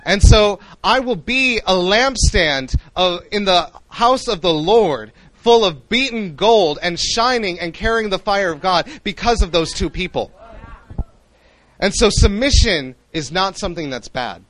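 A young man preaching a sermon in an animated way, acting out the voices he quotes. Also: high voice, a little slow, a little hiss or hum, poor audio.

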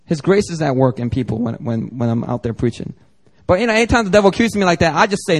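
A man's voice: a little high, quick pace. A man preaching a sermon as pastor, conversational and joking, acting out little dialogues. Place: church service.

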